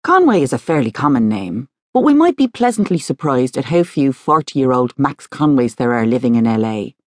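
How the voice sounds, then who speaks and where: A woman voicing a polite, businesslike middle-aged male private investigator, with her voice pitched lower for him. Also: big pitch swings, normal speed, no room sound, clean studio sound.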